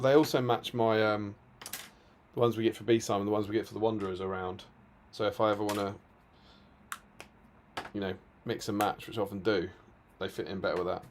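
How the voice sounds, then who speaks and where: Brief: male co-host, lowish voice, relaxed banter, soft endings to sentences. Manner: laughs often, trails off quietly at the end of sentences. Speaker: co-host of a tabletop wargaming stream. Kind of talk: casual chat.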